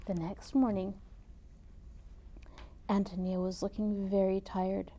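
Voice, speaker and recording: Expressive woman reading a storybook. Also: medium pitch, slow pace, pauses often. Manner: expressive, dramatic storytime delivery. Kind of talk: reading a picture book aloud.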